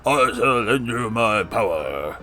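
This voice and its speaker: Man putting on a slow bellowing god. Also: medium pitch, lively intonation, pushed and bright, soft background music. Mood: solemn. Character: male deity, bellowing and grand.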